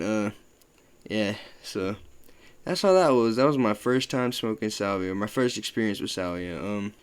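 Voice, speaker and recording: A man's voice: on the low side, smooth. Laid-back young man telling a story. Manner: loose, profane, full of "like" fillers. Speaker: vlogger. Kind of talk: casual storytelling.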